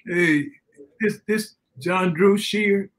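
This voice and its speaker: An older man giving his son a birthday blessing in a halting, church-style speech that quotes scripture. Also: sits high, a bit bright. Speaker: father giving a birthday tribute.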